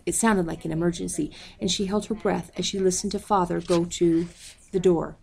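Gravelly, low-voiced woman reading a story. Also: steady tone, a little mellow. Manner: measured, reads page numbers aloud. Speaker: audiobook reader. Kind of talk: storybook read-aloud.

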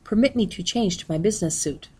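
A woman reading as a calm, formal immigrant father. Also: medium pitch, fast, breathy edge, natural voice. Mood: strained calm.

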